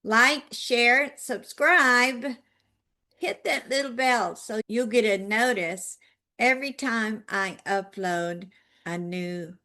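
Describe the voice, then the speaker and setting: A woman leading a guided tapping session, giving calm instructions and repeating affirmations with soft music behind her. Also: fairly high pitch. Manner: slow, directive coaching with spoken affirmations.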